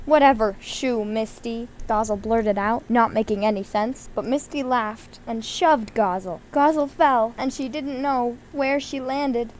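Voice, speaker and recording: A woman reading a children's novel aloud, lively, lifting her voice a little for the characters' lines. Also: high voice, poor audio. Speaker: reader.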